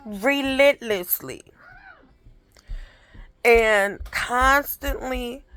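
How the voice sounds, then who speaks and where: Slow, gravelly-voiced woman rambling at home. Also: on the high side, pushed and bright. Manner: rambling storytelling with many restarts. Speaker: aunt caring for young children. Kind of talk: casual rambling vlog chat. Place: at home with toddlers nearby.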